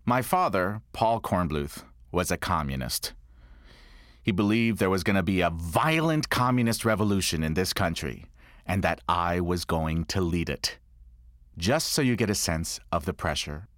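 A man with a low voice performs a comic one-man monologue, his pitch swinging widely as he tells his story. He drops in dry, deadpan asides along the way. The recording is close and dry, with no room echo. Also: moderate pace. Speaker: comedic monologuist.

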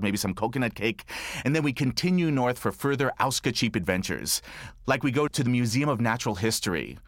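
A man telling a comic story from his childhood in a monologue, wry and animated. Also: medium pitch, dry recording. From New York. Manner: wry, animated, dry humor.

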